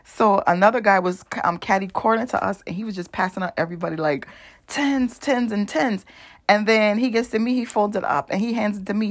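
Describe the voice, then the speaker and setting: A young woman vlogger telling a story in a chatty, animated way, full of asides and laughter. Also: mid-range voice, a little fast. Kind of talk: casual storytelling.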